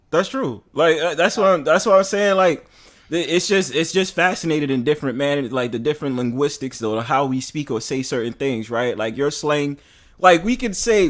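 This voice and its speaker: A man with a New York accent hosting a casual stream chat, talking in an animated, slangy way. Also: a little high.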